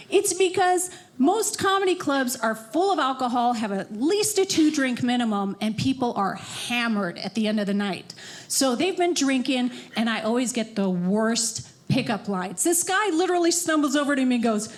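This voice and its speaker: A woman performing a stand-up comedy set on a club stage, working the crowd with animated, loud outbursts. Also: fairly high pitch, moderate pace.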